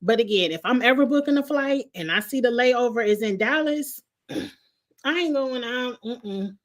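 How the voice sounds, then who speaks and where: A woman's voice: on the high side, expressive, unhurried. A woman vlogger telling a funny travel story in casual slang, laughing often as she goes.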